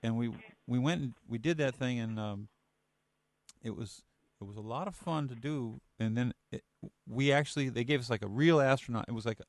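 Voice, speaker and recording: A man's voice: medium pitch, normal speed, no room sound. Guy telling funny stories on a chat show, acts out the quotes, dry close mic. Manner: animated storyteller, acts out quotes, laughs often. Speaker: guest musician and actor. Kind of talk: telling anecdotes in casual chat.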